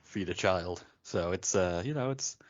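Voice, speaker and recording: A man's voice: sits low, measured pace, dull audio, over a noisy crowd. A man in his thirties co-hosting a podcast, chatting casually and rambling, with lots of fillers and restarts. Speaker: podcast co-host. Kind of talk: casual chat.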